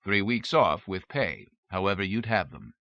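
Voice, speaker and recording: A man's voice: sits low, expressive, normal speed, fairly bright tone, no room sound. A man playing a commanding, formal male inventor who speaks in a clipped way, in a dull, dry recording.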